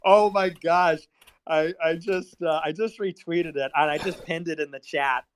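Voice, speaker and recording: A man hosting a casual stream chat, animated and rambling with lots of fillers. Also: on the high side, normal speed, slight background noise. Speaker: podcast host.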